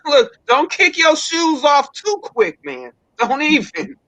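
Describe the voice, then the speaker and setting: A woman's voice: high-pitched, very animated, slow, pushed and bright. A woman panelist speaking emphatically, with frequent laughs, in a casual live chat.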